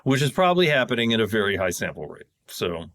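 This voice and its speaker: Excitable man explaining synth science. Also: fast. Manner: rambling, self-correcting, jumps in pitch when excited. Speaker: podcast guest, sound designer. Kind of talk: casual technical explanation.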